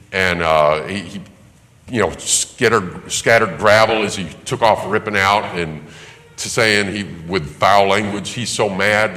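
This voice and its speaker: A man preaching to a congregation, telling a personal story in an animated way, acting out the voices of the people in it and laughing now and then. His voice sounds bright and forward, and a long reverb from a big church hall trails after each phrase. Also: lowish voice, slight background noise. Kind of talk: sermon storytelling.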